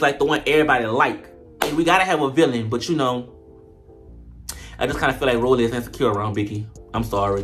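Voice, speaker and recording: A man doing a comedic reality-TV recap, sassy, profane and animated, full of slang. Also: a little high. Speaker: show reviewer.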